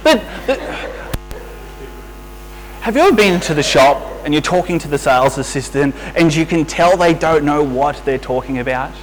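Lively, high-voiced male preacher. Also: normal speed, low-quality recording. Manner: conversational, asks the listeners rhetorical questions. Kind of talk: sermon. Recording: faint mains hum.

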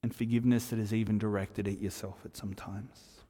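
A man preaching a sermon in a relaxed, conversational way, telling stories with lively asides. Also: on the low side, a little fast, husky, big-room sound. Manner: conversational, animated storytelling with asides. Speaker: pastor.

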